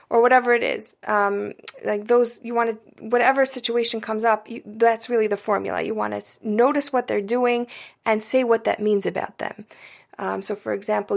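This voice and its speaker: Gravelly-voiced woman coaching parents. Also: on the high side, level tone, moderate pace. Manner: conversational, frequent "right?" and "you know" check-ins; warm coaching tone, speaking directly to parents. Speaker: parenting educator. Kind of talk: casual spoken parenting lesson.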